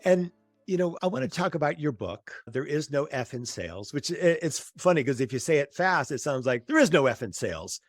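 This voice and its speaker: A man's voice: fairly high pitch, sing-song, fairly quick, no room sound, soft background music. A man hosting an interview podcast, enthusiastic and affirming toward his guest. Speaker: host.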